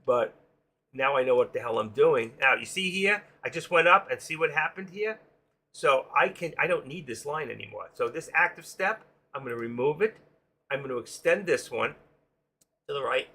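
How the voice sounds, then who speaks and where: A man hosting a live trading stream, explaining options and telling animated, excitable stories about his own trades, swearing casually. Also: mid-range voice, moderate pace. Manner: explains while drawing on a chart.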